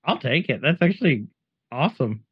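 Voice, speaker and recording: A man co-hosts a casual podcast, chatting eagerly about scenes he loved in a movie. His voice is a touch higher than most men's. The sound is dry and somewhat dull. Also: very animated, normal speed, slightly rough, no echo. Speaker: podcast co-host. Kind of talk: casual movie recap chat.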